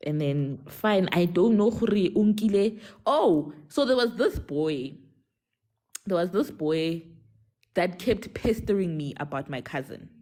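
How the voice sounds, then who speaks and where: A young South African woman telling a personal story on a live call, animated, code-switching between English and a local language. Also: fairly low pitch, measured pace. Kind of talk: casual storytelling on a live stream.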